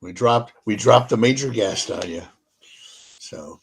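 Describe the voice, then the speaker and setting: A man hosting a show in casual chat, easygoing and hesitant, with many pauses and fillers. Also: lowish voice, creaky, breathy edge. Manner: easygoing, hesitant, lots of ums. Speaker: podcast host.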